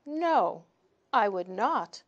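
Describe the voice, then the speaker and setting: Woman voicing a big gentle male dog. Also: a little high, big pitch swings, drawn-out words, muffled recording, full character voice. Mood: coaxing.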